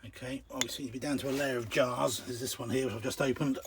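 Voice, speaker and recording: Filming with a handheld camera as he digs in an outdoor pit to uncover an old shelter, a male vlogger chats casually between breaths, muttering asides and trailing off. He talks fast in a mid-range voice with fairly even intonation, against a noisy background.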